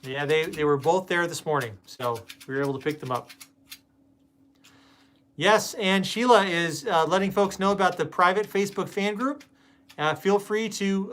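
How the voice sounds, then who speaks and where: A man's voice: sits high, moderate pace, a bit bright. A man hosting a casual live stream, chatting and greeting viewers by name with plenty of fillers. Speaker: host.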